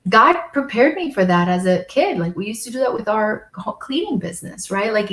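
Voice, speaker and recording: A woman's voice: mid-range voice, a bit bright, roomy sound, low-quality recording. A woman guest in an interview, telling her story earnestly and getting emotional at times. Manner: emotional, tearful at moments, earnest. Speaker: national sales director, guest.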